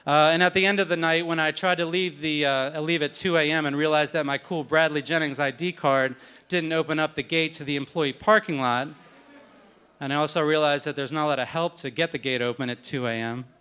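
A man's voice: fairly high pitch, fairly even intonation, a little fast, pushed and bright, clear, resonant tone. A man telling a wry, self-deprecating story at a live story event.

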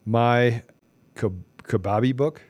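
A man's voice: medium pitch, slow, dry recording. A middle-aged man hosting a podcast, delivering a preachy, impassioned monologue full of repeated rhetorical questions. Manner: preachy, repetitive rhetorical questions, rising to near shouting. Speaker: podcast host.

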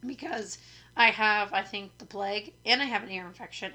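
Talking at a normal speed into her new studio mic, this podcast host is a young woman whose illness has left her voice rough, though it stays bright, forward and mid-pitched. Her casual chat wanders, full of self-deprecating jokes.

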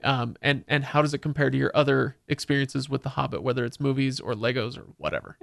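A man's voice: mid-range voice, fast, vocal fry, no room sound, studio quality. A man hosting a podcast, chatting casually and eagerly sharing book trivia. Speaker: podcast host.

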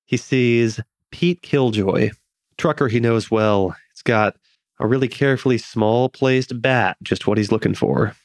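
A man narrating a tabletop game as game master, in a relaxed, descriptive way. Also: mid-range voice, unhurried, dry recording, studio quality. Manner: relaxed, descriptive, laughs easily.

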